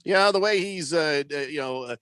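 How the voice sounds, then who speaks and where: A man's voice: on the high side, normal speed, a bit bright, smooth, no echo. A man hosting a sports talk radio show, joking and reading listener texts aloud in a studio. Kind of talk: casual sports radio banter.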